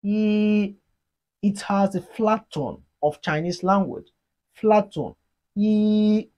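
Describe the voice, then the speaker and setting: A Mandarin teacher giving an online lesson, explaining slowly and deliberately and leading repeat-after-me drills. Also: mid-range voice, expressive, lo-fi sound. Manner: slow, deliberate explaining, modeling sounds for learners.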